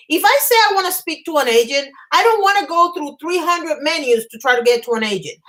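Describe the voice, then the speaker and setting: A woman vlogger on a live stream at home, telling a story in a fast, agitated rush and stumbling over her words. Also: high voice, very animated, a bit bright, poor audio. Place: home apartment.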